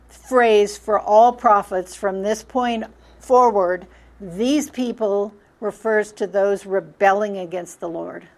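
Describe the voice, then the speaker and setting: A woman teaching a Bible study lesson in a middle-pitched voice. She often poses rhetorical questions to her class and then answers them herself. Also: darkish tone.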